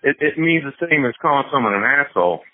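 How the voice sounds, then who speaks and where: A man's voice: medium pitch, lively intonation, quick pace. A man telling a long, rambling story in casual podcast chat, swearing often and laughing as he goes. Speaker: podcast co-host. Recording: dry, phone-like narrow sound.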